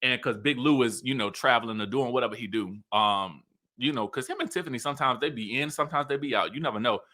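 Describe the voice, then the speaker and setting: A man's voice: medium pitch, fast. A man with a Southern US accent casually recapping a reality show, acting out lines and laughing often. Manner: animated storytelling, acts out cast members' lines. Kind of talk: casual chat.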